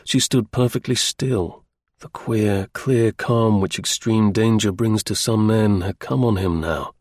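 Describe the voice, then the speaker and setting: A man reading a novel aloud as an audiobook narrator in a measured, literary way. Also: lowish voice, a little mellow, no room sound, clean studio sound. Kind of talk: scripted narration.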